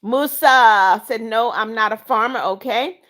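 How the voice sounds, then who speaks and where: A middle-aged woman runs her livestream, reading out viewer comments and welcoming people by name. Her voice sits a little on the high side. She moves between friendly greetings and firm warnings about the rules. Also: a little slow. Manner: firm and scolding when enforcing rules; warm, religious greetings to viewers. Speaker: livestream host. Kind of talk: reading out live chat comments.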